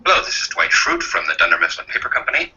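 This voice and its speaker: A man's voice: mid-range voice, huge pitch swings, racing, bright, forceful tone, full character voice. Dwight Schrute, stiff eager paper salesman. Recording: muffled lo-fi clip with background noise.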